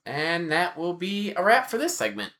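A man's voice: high voice, moderate pace. A young man hosting a podcast in casual chat, telling stories and putting on voices for the people and animals in them. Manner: animated, acts out voices in anecdotes. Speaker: podcast host.

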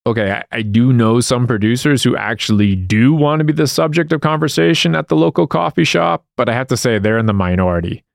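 A man hosting a podcast interview, speaking in a measured, plain-spoken way. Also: mid-range voice, gravelly, no echo, clean studio sound. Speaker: podcast host. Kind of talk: interview narration.

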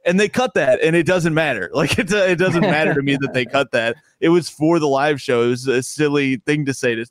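A man's voice: fairly high pitch, a little fast, dry recording. A man, a stand-up comedian, chatting casually in a podcast interview, rambling and restarting his sentences and laughing often.

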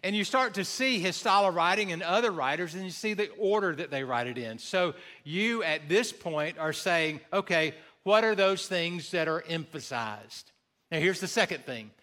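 A man preaching from the pulpit of a church in a high, sharp voice. He teaches with energy, teases his congregation, and drags out key phrases for weight. The delivery is clear and ringing. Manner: animated, joking with the congregation, slows down for emphasis. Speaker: pastor. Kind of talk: sermon. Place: church sanctuary before a congregation.

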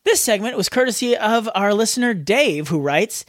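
A man's voice: high voice, animated, normal speed, a bit bright, dry recording, studio quality. A man hosting a podcast, playing back outtakes where he trips over his lines and mocks himself. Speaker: podcast host. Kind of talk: blooper reel of outtakes.

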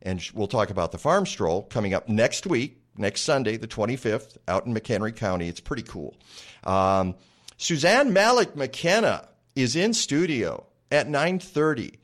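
A man's voice: medium pitch, very animated, normal speed, fairly bright tone. A man hosting a radio show from the studio, chatty and rambling, with lots of fillers. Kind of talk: casual radio talk.

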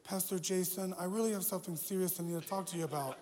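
A man's voice: high-pitched, fast, noisy background, close to an everyday voice. A man preaching, putting on the nasal, drawling voice of a nerdy, timid young male youth leader for a story in a sermon. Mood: earnest.

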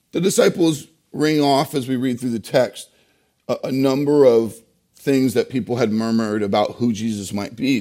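Mellow-voiced male pastor preaching. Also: medium pitch. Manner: emphatic preaching with rhetorical questions and pauses. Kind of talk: sermon.

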